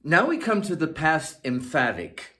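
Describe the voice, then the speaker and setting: A man teaching a scripted grammar lesson, speaking slowly and enunciating each word with care. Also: on the high side, wildly swooping pitch, bright, forceful tone. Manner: slow, deliberate, carefully enunciated. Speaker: language teacher.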